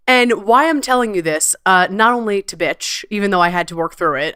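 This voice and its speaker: Expressive, cursing woman podcast host. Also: medium pitch, brisk, clear, resonant tone, no echo, clean studio sound. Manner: expressive, swears freely, laughs often; playful slangy phrasing. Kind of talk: casual solo podcast talk. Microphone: computer's built-in mic, not her usual one.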